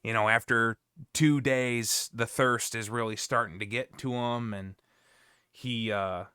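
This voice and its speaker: A man's voice: mid-range voice, fairly even intonation, unhurried, sharp tone, clean tone, no echo, clean studio sound. A man telling a long joke in a casual chat with friends, easygoing. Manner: easygoing storyteller with fillers.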